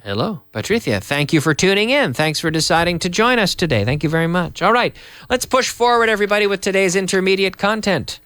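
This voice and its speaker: A middle-aged man teaching a live online English lesson, lively and repeating words over and over to drill pronunciation. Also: high voice, brisk, clear, resonant tone.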